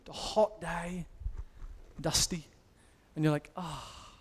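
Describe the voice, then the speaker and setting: An English man in his thirties preaching a sermon, animated and self-mocking as he tells stories. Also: sits high, measured pace, long reverb tail. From England. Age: 30s. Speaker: pastor.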